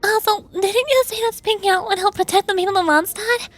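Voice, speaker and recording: A woman's voice: very high voice, fairly quick, a bit bright, dry recording, faint music behind, voice pushed up. A woman voicing an indignant young female witness who speaks in a huffy, pleading way. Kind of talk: voice acting game dialogue on stream.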